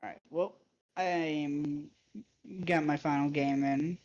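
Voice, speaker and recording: A man's voice: on the high side, steady tone, slow, a little mellow, lo-fi sound. A man talking loosely over voice chat, swearing casually as he signs off his own stream. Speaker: fellow streamer.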